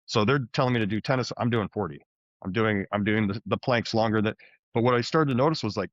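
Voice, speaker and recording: Male podcast guest, mid pitch, eager storyteller who keeps restarting sentences, dry close sound, a bit dull. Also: fast, no room sound. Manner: animated, frequent restarts and fillers. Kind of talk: conversational storytelling. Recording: dull, slightly muffled podcast audio.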